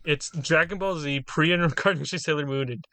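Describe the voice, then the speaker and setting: A man's voice: fairly high pitch, normal speed, pushed and bright, dry recording. A man hosting a comedic fanfic reading, reading narration and breaking off to joke. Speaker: reader and host.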